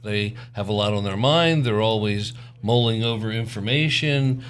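A man's voice: lowish voice, normal speed, clear, resonant tone. Easygoing older man co-hosting. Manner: easygoing, joking. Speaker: podcast co-host. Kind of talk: casual chat with spouse.

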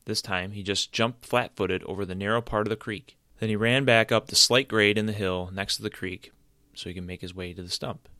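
A man narrating a children's fantasy storybook in a steady, plain reading voice. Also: lowish voice, brisk, no echo, studio quality.

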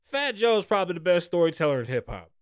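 A man's voice: high voice, big pitch swings, quick pace, dry recording, studio quality. A man hosting a podcast in casual chat, rambling and swearing freely as he reads and reacts to stories. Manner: rambling, profane, laughs at his own stories. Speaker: podcast host.

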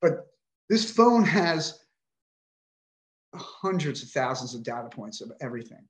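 A man's voice: medium pitch, very animated, unhurried, roomy sound. A middle-aged man telling his own story on a podcast, emotional, frustrated and indignant, with frequent swearing. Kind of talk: emotional personal account.

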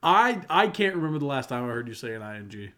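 A man's voice: medium pitch, big pitch swings, a bit bright. A young man co-hosting a casual sports podcast, playful and teasing. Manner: playful, teasing, quick to laugh. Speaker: podcast co-host.

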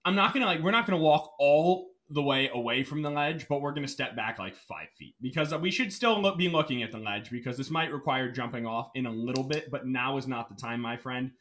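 A man co-hosting a casual sports podcast, laying out statistics in a steady, level-headed way. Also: mid-range voice, brisk, hardly any pauses. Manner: steady, reads out stats, calms his partner. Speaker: podcast co-host.

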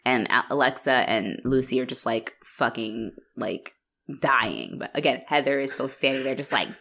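A woman's voice: very deep voice, animated, normal speed, creaky, fairly bright tone. A woman co-hosting a podcast in casual chat, recapping a TV episode, acting out the characters' lines and laughing often. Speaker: podcast co-host.

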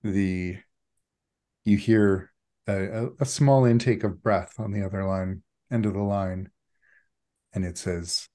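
A man narrating a tabletop role-playing game as game master, in a measured, deliberate way. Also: low-pitched, steady tone, dark tone.

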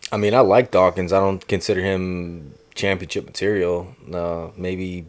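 A man co-hosting a wrestling podcast who gives blunt opinions in casual chat, often dropping low and quiet. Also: steady tone, normal speed. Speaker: podcast co-host.

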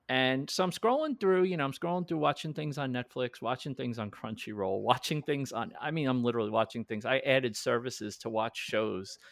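A man in his forties co-hosting a casual chat show, telling stories with lively acted-out quotes and frequent laughter. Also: mid-range voice, creaky, no room sound, clean studio sound. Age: 40s. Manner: animated storyteller, acts out quotes, laughs often. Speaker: podcast co-host.

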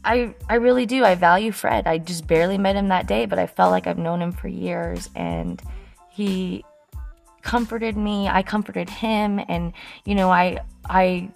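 Slow, gravelly-voiced woman podcast host. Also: mid-range voice, fairly even intonation, soft background music. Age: 30s. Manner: chatty, rambling, laughs often. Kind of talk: casual storytelling.

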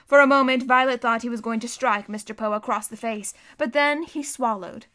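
A woman narrates a storybook aloud with a bright, clear tone and a fairly high voice. Her reading is expressive, leaning into the drama of each scene. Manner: expressive, acting out the characters. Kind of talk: audiobook narration.

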